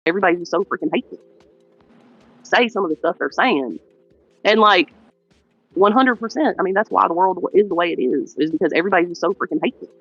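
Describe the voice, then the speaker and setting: A man's voice: sits high, fast talker, pauses often, a bit bright, slightly rough, no echo, soft background music. A man calling into a live stream, offering casual, opinionated takes. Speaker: caller. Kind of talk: call-in chat. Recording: dull, dry lo-fi audio.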